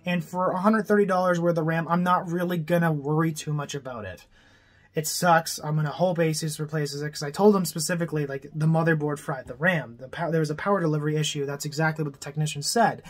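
A man's voice: a little high, steady tone, fast talker. A young man from Canada ranting angrily to his viewers, swearing often and sounding exasperated. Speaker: vlogger. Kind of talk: angry rant to camera.

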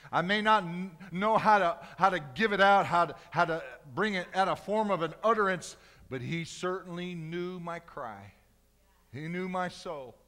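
Preaching pastor, bright ringing voice. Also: male voice, sits high, long reverb tail. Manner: preaching with big swings from loud cries to hushed, slow emphasis. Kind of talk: sermon. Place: church sanctuary.

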